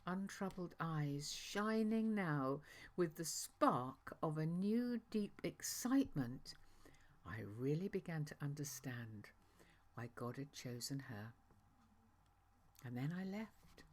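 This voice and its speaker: A woman's voice: deep voice, expressive, slow pace, full character voice. A woman voicing a chatty, awestruck angel messenger who recounts a visit in a rambling, conversational way, stumbling over asides and self-corrections. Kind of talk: dramatic monologue reading.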